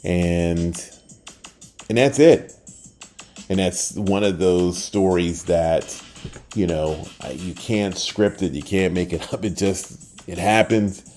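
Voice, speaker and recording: Deep-voiced older man telling a story. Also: slow, faint music behind. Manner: animated, acts out quoted voices, trails off at the end. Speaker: podcast host. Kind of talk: casual storytelling.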